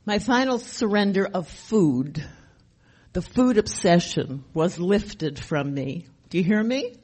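Slow, husky older woman giving testimony. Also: fairly low pitch, lively intonation, darkish tone. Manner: emphatic, repetitive, with rhetorical questions. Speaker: speaker sharing her recovery story. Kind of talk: personal testimony at a recovery meeting.

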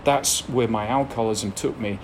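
A man's voice: mid-range voice, steady tone, moderate pace, a little hiss or hum. A man with an English accent telling a frank, self-deprecating personal recovery story to an audience, laughing now and then between blunt details. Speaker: speaker sharing a recovery story. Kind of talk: candid personal testimony to an audience.

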